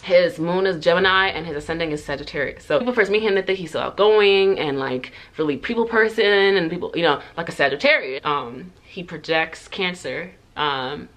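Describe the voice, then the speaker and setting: A woman's voice: on the low side, brisk, hardly any pauses, a bit bright. A woman chatting casually to her viewers, rambling through answers with lots of "like" and "um", often going off on tangents and laughing between sentences. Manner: rambling, full of "like" and "um", goes off on tangents. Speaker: hair vlogger. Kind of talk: casual get-to-know-me chat.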